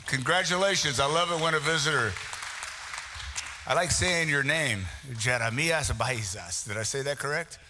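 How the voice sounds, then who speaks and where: A man's voice: mid-range voice, sharp tone. A man emceeing a live prize raffle in a meeting hall, teasing people and calling out names to the crowd. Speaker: event emcee. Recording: long reverb of a big hall.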